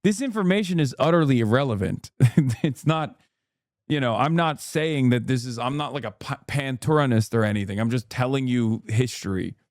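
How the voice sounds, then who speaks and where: A man's voice: mid-range voice, normal speed, a little mellow, dry recording, studio quality. A man giving casual live-stream commentary on a video, with blunt, joking asides and swearing.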